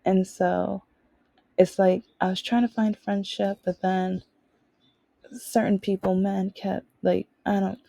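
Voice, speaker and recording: A woman's voice: medium pitch, flat delivery, takes it slowly, creaky, dark tone, dry recording, rough recording. A woman hosting her own podcast, telling personal stories in a rambling, casual way, often restarting and quoting others. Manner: rambling, with frequent restarts and quoted dialogue. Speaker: podcast host. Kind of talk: casual storytelling monologue.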